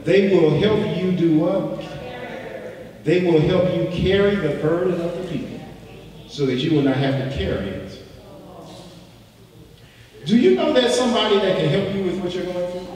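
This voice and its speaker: A man's voice: on the high side, animated, moderate pace. Impassioned preacher man in echoey church. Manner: impassioned preaching with dramatic swings from soft to shouting; repeats phrases for emphasis. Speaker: pastor. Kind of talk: sermon. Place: church sanctuary. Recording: echoey church hall, distant mic.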